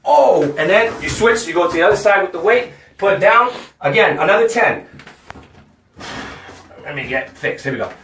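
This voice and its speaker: A man vlogs a home workout, a bit breathless and chatty as he talks to the camera. His voice sits slightly high, and the room around him echoes. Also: expressive, moderate pace, long pauses, fairly bright tone, a little hiss or hum. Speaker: fitness vlogger. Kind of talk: casual home workout vlog.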